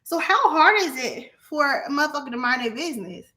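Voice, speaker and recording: A woman's voice: high-pitched, animated, fairly quick, pushed and bright. A young woman hosting a livestream, ranting in a heated, profane way, repeating words for stress and talking straight to her chat. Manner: talks to her chat directly. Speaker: livestream host. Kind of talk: heated casual livestream rant.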